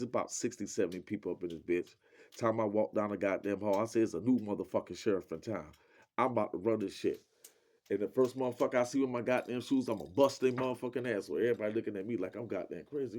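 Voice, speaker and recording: A man telling a personal story in a casual, profane, animated way, acting out the lines of other people. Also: fairly low pitch.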